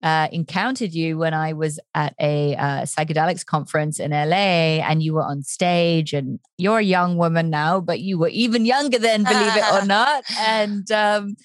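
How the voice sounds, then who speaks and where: A woman's voice: on the low side, moderate pace, hardly any pauses, dry recording, clean studio sound. A woman hosting a podcast interview, talking effusively and chattily with many fillers. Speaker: podcast host.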